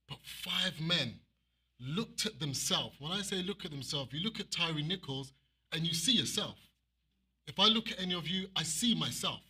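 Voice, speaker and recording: Husky, bright-voiced preacher man. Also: on the high side. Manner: impassioned, emotional preaching. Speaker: minister. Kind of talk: sermon.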